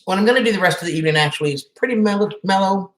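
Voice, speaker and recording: A woman hosts a relaxed live stream and chats easily with viewers, calling out their names as she goes. Her voice sits in the middle of the range, and the room around it is echoey. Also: mid-range voice, rapid-fire. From Southern United States. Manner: chatty, greets viewers by name, laughs often. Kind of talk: casual chat with live chat viewers.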